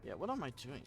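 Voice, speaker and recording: A man's voice: mid-range voice, gravelly. A young French man streaming a game, who chats playfully with his viewers and laughs often. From France. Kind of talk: casual live-stream chat with viewers.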